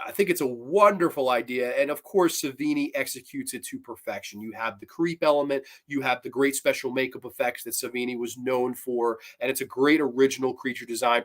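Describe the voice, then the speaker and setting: A man hosting a horror review show, chatting casually, excitable and swearing freely. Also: medium pitch, brisk, few pauses. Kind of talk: casual livestream chat.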